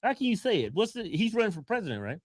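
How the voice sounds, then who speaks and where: Man, podcast co-host, slightly high voice, hugely animated pitch, teasing banter, dry close sound. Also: racing, no room sound. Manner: teasing, playful, laughing. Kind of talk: joking political podcast banter.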